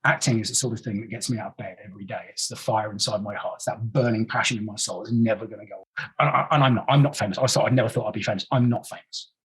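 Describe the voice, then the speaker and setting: A man's voice: fairly low pitch, fast talker, a bit bright, poor audio. A man, an actor guesting on a podcast, talking in an earnest, emotional way that halts and repeats itself. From England. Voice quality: very husky. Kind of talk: casual interview talk.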